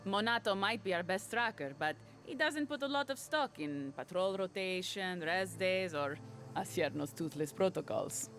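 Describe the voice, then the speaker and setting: An actress voicing a brisk, proud ranger in game character dialogue, curt and opinionated. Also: female voice, fairly low pitch, expressive, a bit bright, soft background music.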